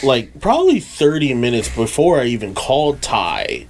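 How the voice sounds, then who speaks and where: A man's voice: mid-range voice, wildly swooping pitch, moderate pace, a little hiss or hum. Laid-back man saying "dude" a lot. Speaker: podcast co-host. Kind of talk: casual chat.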